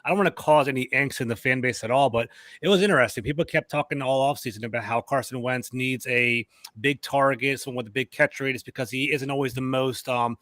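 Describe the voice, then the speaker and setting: Fast-talking male sports show host. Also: mid-range voice, fairly bright tone, no echo. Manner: rambling, conversational, fast-talking. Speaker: podcast host. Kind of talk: casual sports chat.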